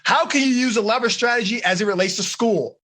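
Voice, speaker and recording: Lively coach guy quizzing a teen crowd, bright and a bit breathy. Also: extremely high pitch, brisk. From United States. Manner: energetic, asks the audience questions. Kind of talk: live seminar for teenagers.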